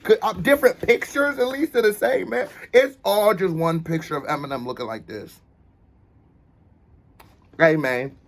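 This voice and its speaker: A man hosting a casual reaction video, talking in an animated, joking and playful way. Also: high-pitched, moderate pace, long pauses. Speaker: host reacting to a music video.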